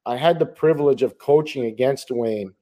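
A middle-aged man co-hosting a hockey podcast, talking in a measured, emphatic way and answering his own rhetorical questions. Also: mid-range voice, mellow. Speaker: hockey analyst co-host. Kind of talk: casual sports talk.

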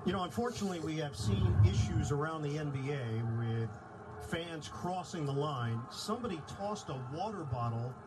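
A man reporting for a TV sports segment in a steady broadcast delivery, his voice slightly raised in pitch. Clear background noise runs under him. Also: normal speed. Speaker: news reporter.

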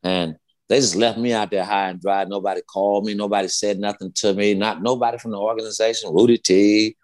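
Fifties male guest, low-pitched, salty and fired-up anecdote teller. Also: steady tone, fairly quick, a little mellow. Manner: profane, heated, repetitive storytelling. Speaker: guest, former basketball player. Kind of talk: casual storytelling interview.

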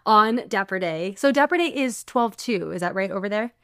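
A woman's voice: medium pitch, expressive, moderate pace, a bit bright, no room sound. Young female co-host, bubbly and gushing, casual chat, dry close mic. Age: young adult. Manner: bubbly, gushing, frequent fillers. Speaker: podcast co-host.

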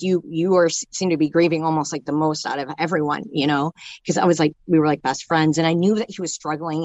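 A young woman telling an emotional personal story in a halting way, full of fillers and restarts. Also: low-pitched, dry recording. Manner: halting, filler-heavy talk with many restarts. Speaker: storyteller sharing a personal loss.

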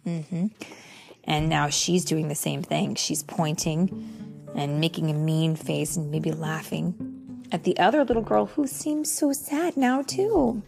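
A young woman reading a picture book aloud to a child, slow and expressive with gentle exclamations. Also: low voice, gravelly, music in the background. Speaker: storybook reader.

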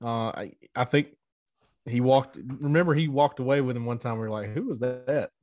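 Laid-back dude chatting football recruits, dry close sound. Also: male voice, mid-range voice, normal speed, darkish tone, dry recording. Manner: easygoing, laughs, short agreeing replies. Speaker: co-host. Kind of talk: casual sports recruiting chat.

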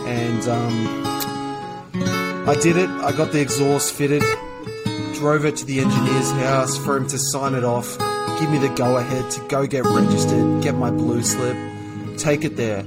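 A laid-back Australian man co-hosting a podcast, swearing freely as he tells a story. His voice sits in a middle register. Loud guitar music plays behind him. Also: mid-range voice. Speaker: podcast co-host. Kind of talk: casual chat.

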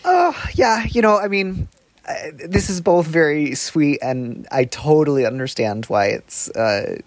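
A man's voice: a little high, expressive, measured pace, no echo. A man talking as an advice-column guest in a casual podcast chat, rambling and openly hedging his views. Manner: rambling, self-aware hedging.

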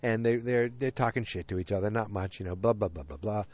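A man with a lowish voice talks off the cuff outdoors on a windy evening. He rambles and riffs through a recap, jumping into the characters' lines as he goes. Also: quick pace, a little mellow, dry recording. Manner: chatty, riffing, acts out characters' lines. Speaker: vlogger recapping a TV episode.

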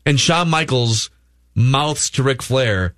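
Guy on sports radio, mid pitch, dry mic, chatty storyteller. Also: slow, no echo. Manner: chatty storyteller, animated retelling. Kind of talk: casual sports talk banter.

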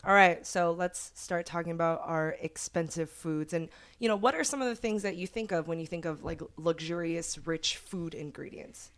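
A woman with a slightly low voice hosts a relaxed podcast conversation. She reads trivia answers and strange news items with playful, giggly energy, keeping things light for her co-hosts. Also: moderate pace, few pauses. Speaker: podcast host. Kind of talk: casual chat.

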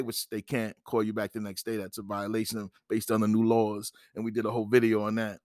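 Here a middle-aged credit-advice podcaster speaks quickly with few pauses, his lowish voice flat and darkish, captured dry in a clean studio. In this instructional monologue he is emphatic, says things more than once, and acts out both ends of a phone conversation.

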